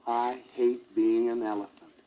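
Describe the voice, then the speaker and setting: A silly, self-pitying young elephant, voiced by a man, whiny and close to bawling. His pitch swings widely, and the tone is mellow and dark. It plays from a crackly 1960s children's storybook record. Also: sing-song, slow, breathy edge, full character voice. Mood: sobbing.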